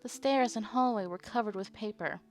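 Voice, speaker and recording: A woman's voice: mid-range voice, moderate pace. A woman streaming a visual novel playthrough, reading the game's text aloud and chatting playfully with her viewers. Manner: chatty, playful, reacts to chat. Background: faint game music.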